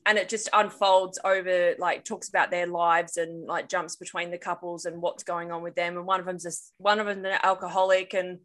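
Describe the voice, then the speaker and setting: A woman's voice: fairly low pitch, little pitch movement, a little fast, hardly any pauses, fairly bright tone. A woman in casual podcast chat who explains things in a rambling way, with many fillers.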